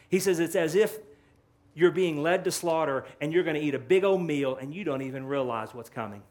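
A male pastor preaching an animated sermon, acting out quotes with rising and falling emphasis. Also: a little high, a little fast.

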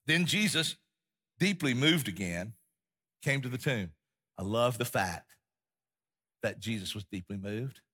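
Bright husky-voiced man preaching. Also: mid-range voice, lively intonation, unhurried, pauses often. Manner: impassioned, repeats phrases for emphasis, drops to a hush. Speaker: pastor. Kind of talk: sermon.

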